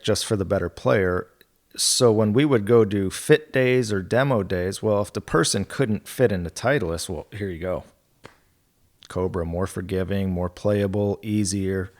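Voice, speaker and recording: A man speaking as a podcast guest, telling stories in a relaxed, candid way. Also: fairly low pitch. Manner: relaxed and candid, with mild swearing and laughs. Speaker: guest, golf equipment territory manager. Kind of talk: casual storytelling.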